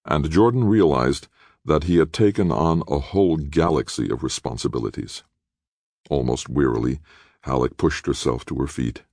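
Male audiobook narrator, extremely deep, gravelly, husky, lively intonation, dry close sound. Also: dry recording. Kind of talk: scripted narration.

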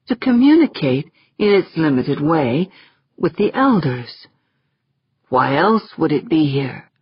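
A woman voicing the slow, pondering inner thoughts of a vast, curious alien sea creature in an audiobook. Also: low-pitched, breathy edge, dry recording, full character voice. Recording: slightly dull, dry audiobook recording.

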